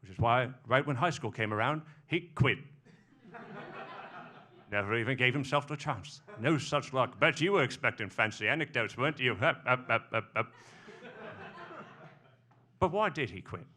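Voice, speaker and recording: A man's voice: medium pitch, animated, moderate pace, long pauses, sharp tone. A man doing a wry older London actor. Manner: clipped, hesitant with repeated uhs.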